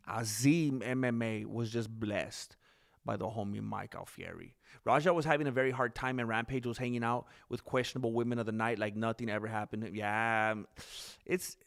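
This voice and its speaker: A man's voice: on the low side, moderate pace, creaky, a bit bright. A man hosting a livestream, rambling casually and talking straight to his viewers. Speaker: livestream host reading chat.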